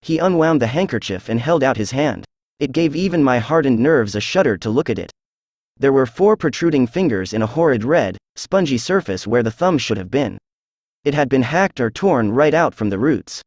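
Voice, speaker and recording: A man's voice: medium pitch, normal speed, no echo. Dry synthetic male narrator voice. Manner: even, steady synthetic reading. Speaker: audiobook narrator. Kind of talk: scripted narration.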